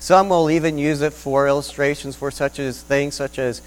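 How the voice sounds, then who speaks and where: A man's voice: a little high, moderate pace, poor audio. A man preaching a sermon as pastor, telling an illustration story in an earnest, rising and falling manner. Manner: earnest storytelling with lively swells.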